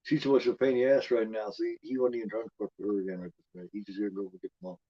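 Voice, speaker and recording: A man's voice: lowish voice, level tone, racing, husky, no room sound. Profane man rambling through movie commentary. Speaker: host of a horror watch-along. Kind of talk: casual live movie commentary. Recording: dull lo-fi home recording.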